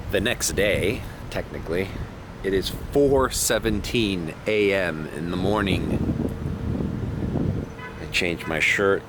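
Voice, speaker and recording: A man's voice: fairly low pitch, heavy background noise. A sleep-deprived man ranting sarcastically to camera from his parked car in the early morning, swearing freely. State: short on sleep. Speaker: rideshare driver vlogger. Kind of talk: casual vlog rant to camera. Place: parked car at a charging station at night.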